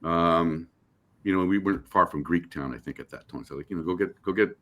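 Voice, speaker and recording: Middle-aged american guy with a super deep voice, chatty guest telling stories, keeps restarting sentences. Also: brisk. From United States. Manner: animated storyteller, acts out quotes, many restarts. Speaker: actor guest. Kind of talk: casual interview storytelling.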